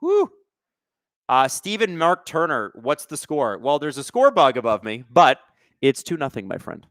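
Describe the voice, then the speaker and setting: Excitable sarcastic man calling hockey live. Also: fairly high pitch, unhurried, no echo, studio quality. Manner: excitable and sarcastic, swears, rants at the refs. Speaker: host of a live hockey watch-along stream. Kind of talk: casual live game commentary, reading chat comments.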